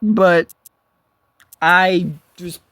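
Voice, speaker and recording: A man's voice: sits high, fairly even intonation, very slow, a bit bright, clear, resonant tone, no room sound. A man giving casual, rambling commentary over his own gameplay, swearing freely and often breaking off to restart his sentences. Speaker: gaming video creator.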